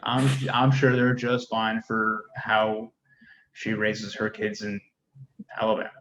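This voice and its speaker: A man's voice: fairly low pitch, level tone, takes it slowly, fairly bright tone. A middle-aged man, an Army sergeant, talking candidly about family life in a rambling way with frequent restarts. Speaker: Army first sergeant, guest. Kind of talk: casual conversation. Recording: dull, lo-fi sound with faint noise.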